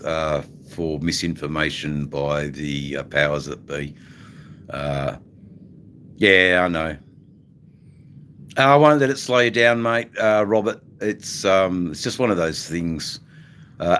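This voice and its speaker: A middle-aged Australian man with a deep voice and a fairly bright tone hosts a rambling livestream, chatting casually with viewers. His Australian accent comes through, and he's full of ums and mates.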